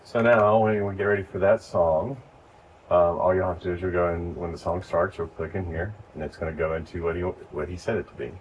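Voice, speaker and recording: Deep-voiced man teaching from across the room. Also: brisk, lo-fi sound. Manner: relaxed, explains step by step. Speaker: lighting instructor. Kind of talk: casual hands-on training. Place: church. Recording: distant mic with faint noise.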